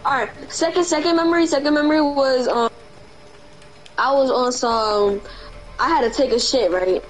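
Girl streamer telling a dumb story while playing, slangy and swearing, highish voice, music going. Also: moderate pace, poor audio. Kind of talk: casual chat while gaming.

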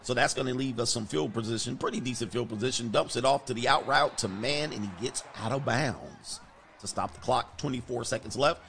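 Guy hyped calling plays in his football game, yells and laughs on big moments, faint game noise behind. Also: medium pitch, a little fast, creaky. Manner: animated, jumps to loud exclamations and laughs at big plays; casual slang, talks to his players. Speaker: gamer doing play-by-play of his own football video game. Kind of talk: excited game commentary.

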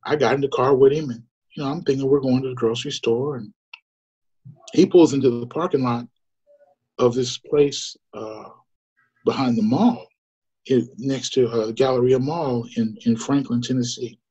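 A man's voice: mid-range voice, normal speed, dark tone, slightly rough. A middle-aged man giving an earnest, conversational personal testimony, full of fillers and restarts. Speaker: guest storyteller. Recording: muffled lo-fi recording.

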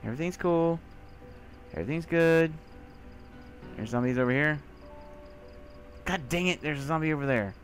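A young man giving let's play commentary, talking to himself and breaking into panicked shouts, over faint game music. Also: a little high, moderate pace, long pauses. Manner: jumpy, talks to himself, bursts into panicked shouts. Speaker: gaming video creator.

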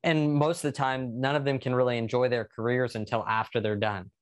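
A man's voice: mid-range voice, little pitch movement, brisk, smooth. A man hosting a podcast, chatting in an upbeat, conversational way and asking long questions. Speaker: podcast host, interviewer. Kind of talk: casual interview talk.

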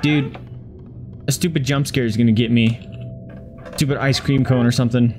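A man's voice: mid-range voice, fairly even intonation, normal speed, a little mellow, a little hiss or hum. A man commentating a horror game in a panic, swearing and repeating words in frantic bursts. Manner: swears and yelps at scares. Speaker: gaming video host. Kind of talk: frightened let's-play commentary.

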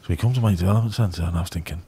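A middle-aged man with a Liverpool accent, telling rambling, excitable stories in a casual podcast chat. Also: deep voice, very fast, husky. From England. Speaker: youth football scout.

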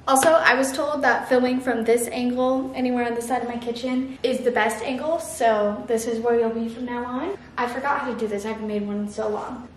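Young woman, vlogger, casual chatty talk, echoey kitchen, faint background hiss. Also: fairly high pitch. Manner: chatty, talks to camera while cooking. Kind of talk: casual vlog chat. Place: home kitchen.

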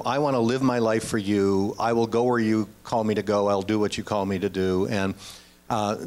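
Man, 60s, low voice, earnest storyteller, quotes conversations. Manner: earnest, anecdotal, with quoted dialogue. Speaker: guest. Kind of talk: casual storytelling.

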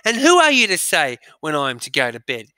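A man's voice: on the high side, huge pitch swings, pushed and bright, clean tone, no room sound, exaggerated voice. A man reading as a grumpy tired boy. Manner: snappy, slow dictation reading. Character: boy, tired, bad-tempered younger brother.

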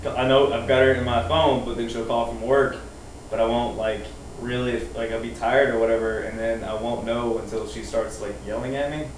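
A man's voice: mid-range voice, little pitch movement, normal speed. A young man, a comedian guest, telling casual comedic stories in a laid-back, rambling way full of fillers. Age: young adult. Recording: distant roomy mic with faint noise.

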